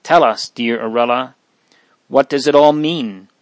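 A man's voice: mid-range voice, unhurried, no echo, lightly acted. A man reading a wistful, anxious young girl.

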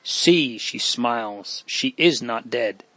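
A frantic young girl choked with grief, as a male storyteller puts her on, pleading and breaking as she speaks. The voice sits a little higher than a man's usual talk, in a dry, close recording with no room sound. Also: lively intonation, slow, bright, forceful tone, dry recording, full character voice. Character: frantic grieving young girl, sobbing sister.

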